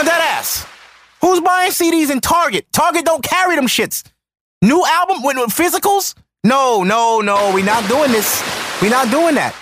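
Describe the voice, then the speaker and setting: A man's voice: sits high, fairly bright tone. A man hosting a podcast, ranting in heated commentary with profanity and repeated points. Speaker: podcast host.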